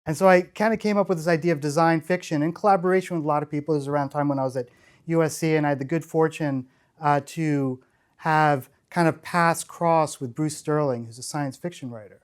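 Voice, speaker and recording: A man's voice: a little high, steady tone, brisk, clear, resonant tone. Enthusiastic middle-aged man telling stories on stage. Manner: enthusiastic, rambling, frequent restarts. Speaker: conference speaker. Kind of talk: storytelling keynote talk.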